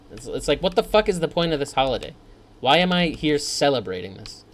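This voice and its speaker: A man's voice: on the high side, lively intonation, a little fast, slight background noise. A man giving gameplay commentary, ranting in a profane, sarcastic way. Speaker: let's play host.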